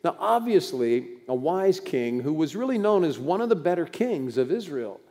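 A man's voice: on the high side, big pitch swings, normal speed, mellow. An older man preaching a sermon in a conversational, folksy way with bursts of emphasis. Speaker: pastor. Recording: long hall reverb.

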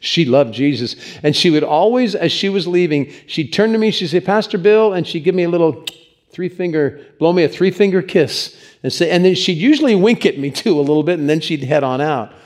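A man's voice: a little high, animated, fairly quick, a little mellow. A man preaching as a pastor, telling stories in an earnest, conversational sermon, likely in a church.

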